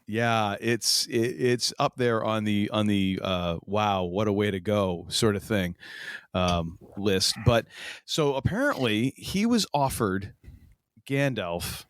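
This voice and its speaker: A man's voice: on the low side, slow, smooth, no room sound. A man co-hosting a podcast in casual chat, rambling with many fillers and restarts. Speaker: podcast co-host.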